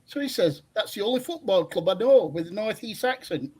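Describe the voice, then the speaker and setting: A man's voice: sits high, lively intonation, a little fast, slightly rough. An older man calling in to a fan phone-in, telling long rambling stories with many hesitations. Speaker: caller. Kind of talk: phone-in chat.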